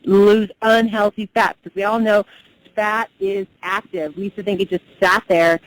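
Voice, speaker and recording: A woman's voice: medium pitch, level tone, moderate pace, dry recording, low-quality recording. A woman hosting an interview, encouraging her guest with frequent mm-hmms. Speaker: host. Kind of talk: interview host.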